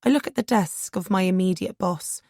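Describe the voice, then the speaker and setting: A woman's voice: mid-range voice, moderate pace, a little mellow, no room sound, studio quality. A woman narrating a first-person audiobook in a nervous, self-deprecating voice.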